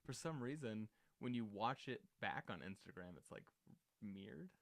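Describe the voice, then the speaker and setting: Young male co-host, lively intonation, relaxed storyteller. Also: lowish voice, moderate pace, creaky. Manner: laid-back, storytelling, swears casually. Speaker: podcast co-host. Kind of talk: casual livestream chat.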